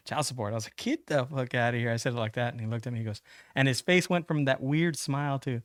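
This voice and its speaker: A man's voice: medium pitch, lively intonation, fast talker, fairly bright tone, no echo. A man rambles through a personal story, stacking fillers and restarts and swearing freely. He jumps into other people's voices as he retells the scene. The sound is dry and close, with no room around it. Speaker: podcast guest. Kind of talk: casual storytelling.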